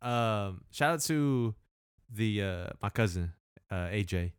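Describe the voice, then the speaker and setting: A man's voice: lowish voice, expressive, slow pace, clear, resonant tone, no room sound, studio quality. A man co-hosting a podcast, telling stories in casual chat, slangy and laughing often. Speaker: podcast co-host.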